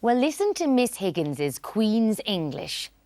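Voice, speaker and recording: A woman presenting a scripted English lesson in a clear, teacherly way, glossing phrases in Spanish. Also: mid-range voice, sing-song, unhurried, warm tone, no echo.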